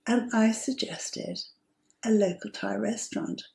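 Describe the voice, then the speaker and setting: Slow-spoken woman telling a story. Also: a little high, fairly even intonation, darkish tone, roomy sound. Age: 50s. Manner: chatty and amused, with breathy asides. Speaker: host. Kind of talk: personal storytelling.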